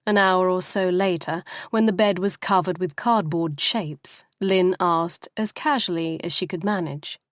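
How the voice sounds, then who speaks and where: A woman narrates a novel as an audiobook in a low, even voice. Her reading is measured and steady. The recording is dry and close. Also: no room sound. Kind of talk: scripted narration.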